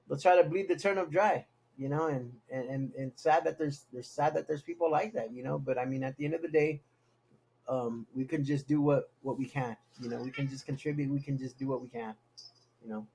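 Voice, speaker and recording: A man's voice: fairly high pitch, a little fast, warm tone, husky, poor audio. A man in casual conversation, talking in a rambling way with many restarts.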